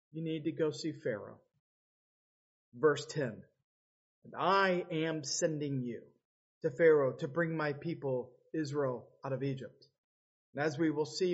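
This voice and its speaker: A man's voice: a little high, breathy edge, dull audio. A man preaching a sermon, dramatically acting out the voices of biblical figures as he tells the story. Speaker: pastor.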